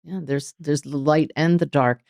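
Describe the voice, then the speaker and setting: A woman being interviewed as a medium, telling lively stories and acting out inner dialogue. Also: low-pitched, moderate pace, creaky, no room sound, studio quality. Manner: animated storytelling, voices inner dialogue. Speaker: guest medium. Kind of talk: interview conversation.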